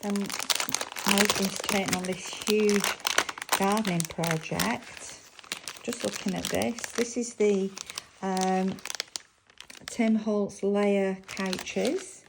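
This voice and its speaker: An English crafting vlogger with a Lancashire accent chats casually at her craft table, thinking aloud and asking her viewers questions as she works. Her mid-range voice is gravelly and slow, with fairly even intonation and long pauses. There's noise in the background.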